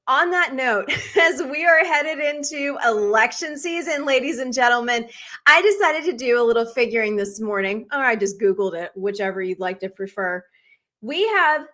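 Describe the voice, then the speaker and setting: A woman's voice: mid-range voice, a bit bright. A woman in her forties from the Northern United States, hosting a live-streamed talk show in a bold, outspoken, emphatic way. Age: 40s.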